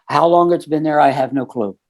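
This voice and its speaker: This podcast guest, a middle-aged man, has a gravelly, slightly high voice and keeps a moderate pace. Earnest and casual, he recounts conversations one step at a time, leaning on "you know" and "um."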